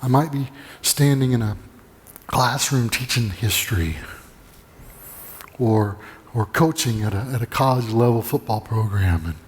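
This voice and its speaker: A man's voice: mid-range voice, a little slow, long pauses, long reverb tail. A male pastor giving a sermon in casual storytelling style, often repeating words as he restarts sentences. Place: church sanctuary.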